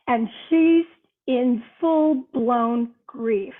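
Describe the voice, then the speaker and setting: A woman's voice: fairly high pitch, measured pace. An older woman, a guest author, telling a personal story in an earnest way during a podcast conversation. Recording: tinny phone-line sound.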